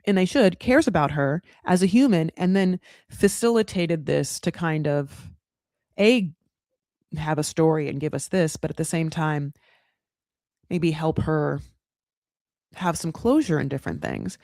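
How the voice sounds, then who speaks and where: A woman hosting a casual reality TV recap, talking in sassy, animated bursts and swearing freely. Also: deep voice, unhurried, pauses often, no echo, studio quality.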